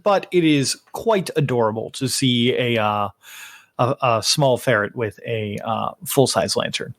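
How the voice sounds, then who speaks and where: A man narrating as game master, unhurried, with frequent fillers and self-corrections. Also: medium pitch, no room sound, studio quality.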